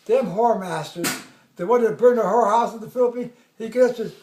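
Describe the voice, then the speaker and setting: A man in his eighties tells an old army story in a strikingly high voice, rambling and laughing as he acts out the other people's lines. The sound bounces around an echoey room. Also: normal speed, a little mellow, a little hiss or hum. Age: 80s. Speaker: army veteran telling war stories. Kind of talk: casual storytelling at home.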